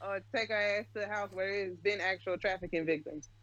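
Blunt male co-host, high-pitched, flat dead-dry sound, cuts in often. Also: brisk, no room sound, lo-fi sound. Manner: blunt, profane, interjecting. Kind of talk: casual chat.

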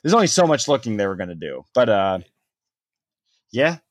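A man's voice: fairly low pitch, very animated, normal speed, no echo. Young man, casual storyteller, rambling, filler-heavy, dry recording. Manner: rambling, lots of "like", swears casually.

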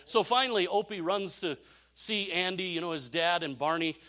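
A man preaching a sermon, telling a story in an animated way and often repeating phrases. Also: high-pitched, moderate pace. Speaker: pastor.

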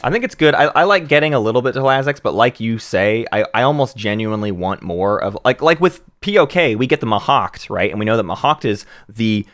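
A man co-hosting a casual board game podcast, enthusiastic and quick to laugh. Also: medium pitch, animated, a bit bright, dry recording, clean studio sound. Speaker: podcast co-host.

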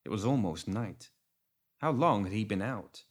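Male audiobook narrator, low register, measured storytelling. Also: animated. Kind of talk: scripted narration.

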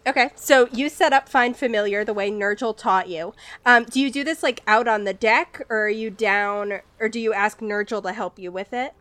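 A woman's voice: fairly high pitch, normal speed, hardly any pauses, a bit bright, no room sound. A woman narrating a tabletop role-playing game as game master, describing scenes playfully.

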